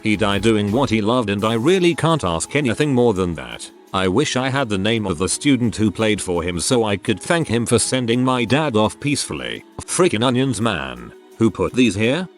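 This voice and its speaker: A man's voice: fairly low pitch, animated, normal speed, few pauses. A man reading online posts aloud as a channel narrator. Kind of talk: scripted narration. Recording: faint music underneath.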